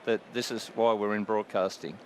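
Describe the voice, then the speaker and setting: A man's voice: on the low side, steady tone, moderate pace, a little hiss or hum. A radio cricket commentator in his sixties, chatting casually on air and laughing often at his own stories. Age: 60s. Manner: chuckling, warm-hearted, laughs often.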